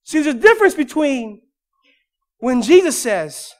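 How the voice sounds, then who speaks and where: A male pastor delivering a sermon in a church, moving from quiet storytelling to loud, emphatic preaching. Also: very high voice, big pitch swings, unhurried.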